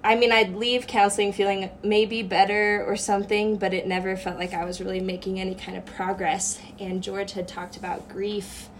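A woman's voice: medium pitch, little pitch movement, moderate pace, few pauses, a little hiss or hum. A woman guest on a podcast, earnestly telling a personal story in a casual chat, with many fillers.

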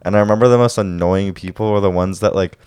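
A man's voice: low voice, steady tone, quick pace, a little mellow, clean tone, no room sound, clean studio sound. A man chatting casually, with filler words in nearly every phrase. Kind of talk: casual chat.

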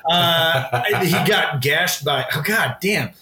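A man's voice: fairly high pitch, animated, slow, bright, forceful tone, echoey room. A man co-hosting a podcast in casual chat, loose and enthusiastic, giggling a little as he talks. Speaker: podcast co-host.

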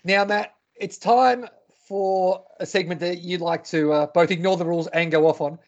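High-voiced Australian man, lo-fi sound. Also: fairly even intonation, normal speed. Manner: joking, mock-indignant banter. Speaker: podcast co-host. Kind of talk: casual sports chat.

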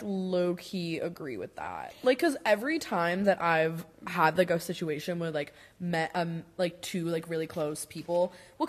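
A young adult woman chatting casually on a podcast, with lots of filler words. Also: fairly low pitch. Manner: chatty, heavy use of "like" fillers. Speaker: podcast guest or co-host. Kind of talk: casual chat.

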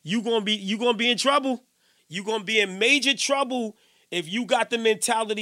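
Middle-aged male radio host, high gravelly voice, emphatic preachy rambling, dry close sound. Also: fairly quick, no echo. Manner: emphatic, repetitive, swings loud and soft. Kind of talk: casual preachy monologue. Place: radio station studio.

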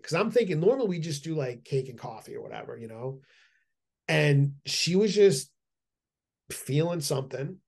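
Middle-aged man, podcast guest, eager, rambling, many restarts, slightly high voice. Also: animated, moderate pace, vocal fry, darkish tone. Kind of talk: casual podcast conversation.

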